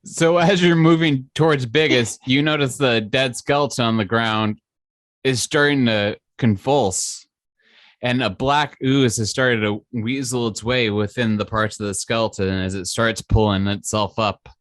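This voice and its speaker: A man narrating a tabletop game as game master, easygoing and quick, often chuckling. He sits close to a dry mic. His voice sits in a middle pitch. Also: fairly even intonation, fairly bright tone, no echo.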